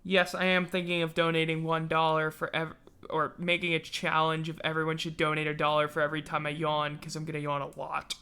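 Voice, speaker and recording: A man's voice: fairly high pitch, completely flat delivery, a little fast, bright, forceful tone, smooth. A man hosting a casual sports livestream, rambling and self-mocking, yawning now and then as he talks. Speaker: podcast host.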